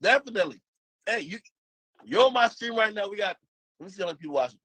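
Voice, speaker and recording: A man's voice: sits high, animated, quick pace, a bit bright, dry recording. A man, hosting a livestream and hyping up his guest in easygoing casual chat. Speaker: livestream host.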